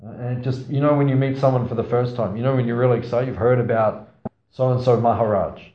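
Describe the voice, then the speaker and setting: A man's voice: medium pitch, steady tone, fast, slight background noise. A man giving a scripture class to a small audience. He tells stories, asks the audience questions, and makes playful asides. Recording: roomy, slightly dull sound.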